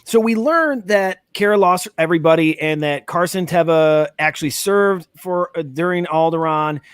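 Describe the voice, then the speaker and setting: A man's voice: on the high side, moderate pace, smooth, no echo, clean studio sound. Rambling, enthusiastic male host. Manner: rambling, enthusiastic, many fillers and restarts. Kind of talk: casual live reaction chat.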